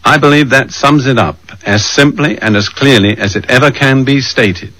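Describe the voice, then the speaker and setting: A man preaching a sermon, measured and emphatic, slowing down to read scripture verses aloud. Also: medium pitch, a bit bright, no echo, poor audio.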